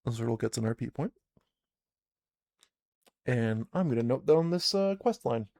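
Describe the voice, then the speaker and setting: A man's voice: medium pitch, animated, a little slow, a little mellow, no echo, clean studio sound. A man narrating a solo tabletop game on a live stream, reading game text aloud and chatting to himself as he plays.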